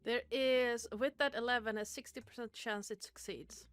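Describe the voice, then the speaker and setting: A woman's voice: a little high, fairly even intonation, normal speed, a bit bright, smooth. A woman running a tabletop game as game master, talking in an easygoing, chuckling way.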